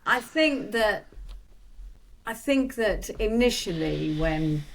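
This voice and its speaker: A woman, an actress guest, talking casually in an interview, animated, often laughing and restarting her sentences. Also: mid-range voice, slow pace, gravelly.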